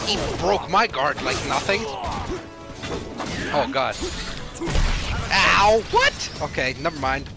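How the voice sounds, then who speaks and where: A man casually commentating a fighting game, hoarse and excitable, with loud exclamations. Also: high-pitched, a little slow, pauses often. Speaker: gaming commentator. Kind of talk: casual let's play commentary. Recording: commentary over game music.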